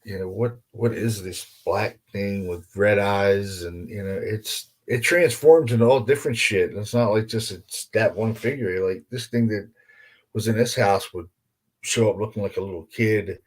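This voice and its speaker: A man's voice: lowish voice, normal speed. A man hosting a podcast in casual chat, emphatic and heavy on swearing and exclamations. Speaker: podcast host.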